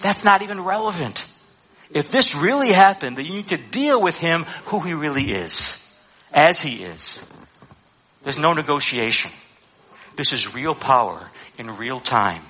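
Male preacher, bright husky voice, lively swings in pitch, sermon delivery. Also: a little slow. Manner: animated, acts out quoted lines, frequent "uh" fillers.

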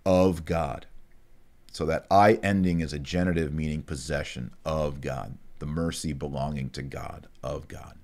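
A man giving a casual online lesson, slowly sounding out Latin prayers and explaining them word by word with chatty asides. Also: rumbling low, fairly even intonation, gravelly, a little mellow. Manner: slow, careful enunciation of Latin words, chatty asides.

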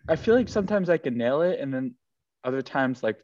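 A man's voice: medium pitch, lively intonation, brisk, darkish tone, no room sound. A man guesting on a casual podcast, rambling and self-deprecating, with lots of restarts. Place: home room set up for podcasting. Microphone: headphones with a mic. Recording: slightly dull dry sound.

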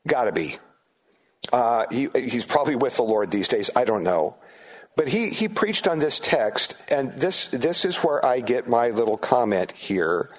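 A middle-aged man delivers a sermon in an easygoing, conversational manner, his voice sitting at an ordinary middle pitch. He stops and restarts his thoughts and puts questions straight to the listeners as he explains the text. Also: a little slow. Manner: conversational, animated, acts out disciples' voices. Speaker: pastor.

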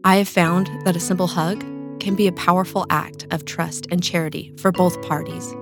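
Calm woman reading a personal essay. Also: fairly low pitch, creaky, over music. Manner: calm, measured, sincere. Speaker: author reading her own essay.

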